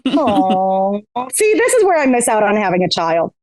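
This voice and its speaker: A woman's voice: medium pitch, big pitch swings, normal speed, darkish tone, no room sound. A woman guest on a podcast, talking candidly with a lot of swearing and laughter. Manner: candid, profane, laughs often. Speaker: podcast guest, reality TV competitor. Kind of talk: casual chat.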